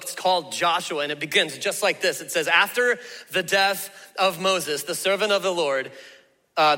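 A man's voice: on the high side, bright, forceful tone, big-room sound. A man preaching a sermon as pastor, in a folksy, conversational way with emphatic asides.

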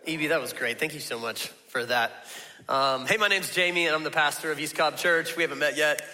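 A man's voice: on the high side, a little fast, bright, forceful tone, in a large hall. A man preaching a casual, storytelling sermon as pastor, talking conversationally and laughing at himself often. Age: adult with young children.

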